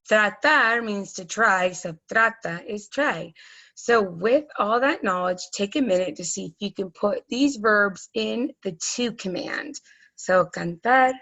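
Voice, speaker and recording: Woman, Spanish teacher, recorded lesson, slow delivery, patient step-by-step explaining, frequent ums. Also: mid-range voice, creaky, fairly bright tone, poor audio.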